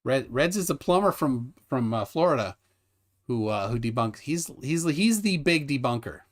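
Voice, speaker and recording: A man hosting a casual live stream, joking and rambling with lively, laughing delivery. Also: mid-range voice, normal speed. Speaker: livestream host. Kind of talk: casual livestream chat.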